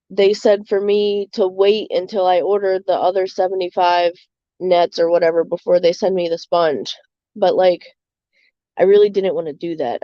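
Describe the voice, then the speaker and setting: A woman's voice: on the low side, warm tone, dry recording. A young woman, chatting casually on a livestream from her bedroom, rambling with lots of fillers and a bit out of breath. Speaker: streamer. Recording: slightly dull dry sound.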